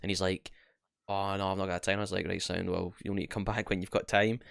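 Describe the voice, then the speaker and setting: A young man, co-hosting a podcast and telling animated, sweary stories, acting out both sides of each exchange. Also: low voice, quick pace, vocal fry, clean tone, no echo, studio quality. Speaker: podcast co-host. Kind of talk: casual storytelling chat.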